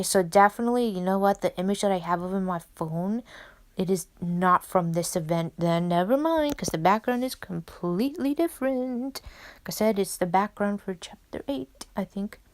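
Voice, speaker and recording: A woman's voice: mid-range voice, dry recording. A young woman reading a game story aloud with giggly, chatty asides. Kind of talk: casual reading with commentary.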